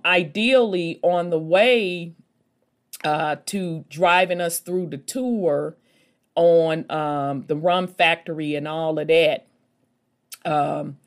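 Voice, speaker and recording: A woman vlogger tells a long travel story to her viewers at an unhurried, drawn-out pace. Her voice sits a little low, and her talk is folksy and rambling, with endearments and side remarks all through it. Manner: chatty and folksy, with endearments like baby and honey; rambling, with many fillers and asides.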